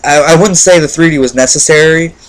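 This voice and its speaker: A man's voice: a little high, fairly quick, rough recording. Rambling casual male movie reviewer. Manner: rambling, many fillers and restarts; enthusiastic.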